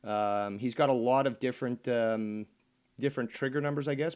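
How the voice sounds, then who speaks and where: A man's voice: medium pitch, fairly even intonation, normal speed, a little mellow, clear, resonant tone. Mocking man commenting on a stream. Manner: mocking, hesitant with fillers and restarts, profane. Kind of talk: casual livestream commentary.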